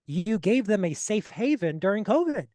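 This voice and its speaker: A male podcast host with a notably high voice, recorded close and dry with no room sound. He affirms his guest warmly in loose, filler-laden talk, ending points with "right?". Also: big pitch swings, normal speed, no room sound. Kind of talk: interview talk.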